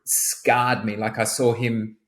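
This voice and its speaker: A man talking as a guest on a casual podcast, hesitant and loose, jumping high when he imitates others. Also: level tone, takes it slowly, fairly bright tone.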